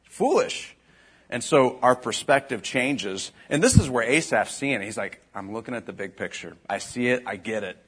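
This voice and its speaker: A pastor preaches in a loose, conversational way, breaking into sharp emphatic bursts. His voice sits at a middle pitch with a husky, slightly breathy edge. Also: normal speed, hardly any pauses. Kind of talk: sermon.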